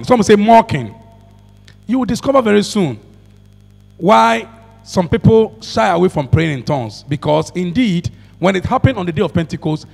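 Gravelly high-voiced preacher in a hall. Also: male voice. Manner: preaching with call-and-response and frequent hallelujahs. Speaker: pastor. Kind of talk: sermon. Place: church.

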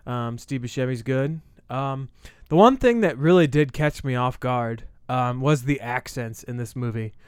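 Man co-host, hesitant casual talker, smooth clear voice, dry recording. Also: medium pitch, a little slow, few pauses, no echo. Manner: hesitant, many ums. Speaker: podcast co-host reviewing a film. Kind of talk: casual chat.

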